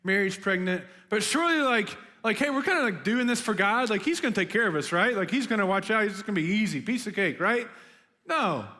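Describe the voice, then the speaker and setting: A man's voice: sits high, fairly quick. A young man giving a casual, chatty sermon to students, full of "like" and "right?", as a youth pastor. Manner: chatty and animated, lots of "like" and "right?". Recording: long hall reverb.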